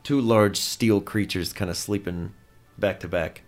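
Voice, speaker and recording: A man narrating a tabletop role-playing game as game master, describing scenes in a relaxed storytelling way. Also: fairly low pitch, measured pace, faint music behind.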